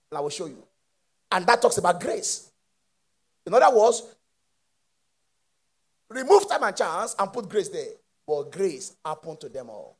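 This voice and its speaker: A man preaching a sermon with impassioned call-and-response and shouted peaks. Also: high voice, vocal fry, slightly rough.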